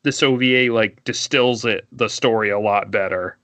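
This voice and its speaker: A man's voice: fairly low pitch, normal speed, fairly bright tone. A man co-hosting a podcast in casual chat, filling every phrase with like and you know. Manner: filler-heavy, says like constantly. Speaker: podcast co-host.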